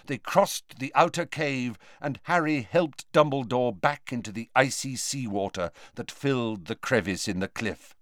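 A man reading a story aloud as narrator in a dramatic, expressive manner. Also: mid-range voice, a little slow, few pauses, dry recording, studio quality. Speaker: audiobook narrator.

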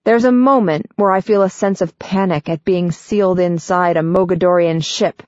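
A woman narrating a story in first person for an audiobook, steady and clear. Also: on the low side, moderate pace, no room sound. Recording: dull, dry studio sound.

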